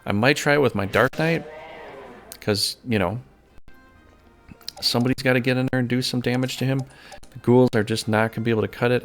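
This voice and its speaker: A man talks through game strategy in a loose, folksy ramble, often stopping to hunt for the right word. His voice has a gravelly edge at an ordinary middle pitch. Faint music plays underneath. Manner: rambling, folksy, self-correcting. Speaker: gameplay commentator. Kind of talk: casual strategy commentary over gameplay.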